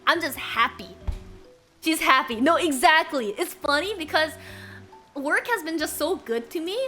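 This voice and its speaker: High-voiced bubbly streamer woman. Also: animated, normal speed, pushed and bright, soft background music. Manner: giggly, bubbly, chats with viewers. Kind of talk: casual live-stream chat.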